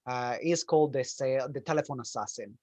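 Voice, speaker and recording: A man hosting a podcast interview, speaking hesitantly with many pauses and restarts. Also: mid-range voice, a little mellow. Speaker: podcast host. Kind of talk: conversational interview.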